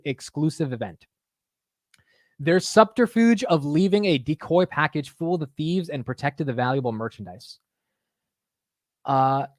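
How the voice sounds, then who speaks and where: A man hosts a livestream market show in relaxed live-stream chat, poking fun at himself and repeating "dude" often. His voice is a little high, and the recording sounds dry.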